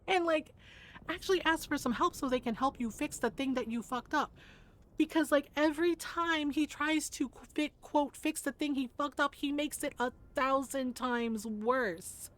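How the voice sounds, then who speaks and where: Woman, game streamer, casual chat, profane, emphatic, slightly high voice.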